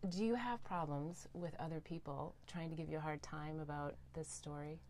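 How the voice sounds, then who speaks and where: A woman hosting a talk show, telling a story to her guest with eager energy and sometimes sinking to a soft hush for heartfelt points. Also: low voice, moderate pace, slight background noise. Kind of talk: animated interview storytelling. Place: recording studio.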